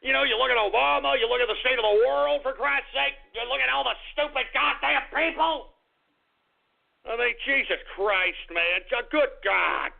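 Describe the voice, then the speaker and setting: Male talk radio host, very high gravelly voice, explosive exasperated ranter, tinny phone-line sound. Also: moderate pace. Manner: explosive, swearing, exasperated rants. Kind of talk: ranting internet radio talk.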